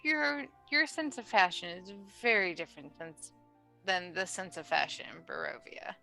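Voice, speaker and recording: A prim, formal caretaker, put on by a woman game master, who addresses the listener as "my dear boy" and speaks with a bright, tense edge. Her tone is proper and mildly scolding. She comes from a tabletop game session. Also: on the low side, sing-song, normal speed, vocal fry, faint music behind, exaggerated voice. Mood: chiding. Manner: formal, lightly chiding.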